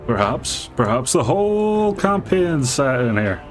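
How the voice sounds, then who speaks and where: A man narrating as game master of a live tabletop game, halting and full of fillers. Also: medium pitch, big pitch swings, faint music behind. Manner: halting, with many fillers and restarts.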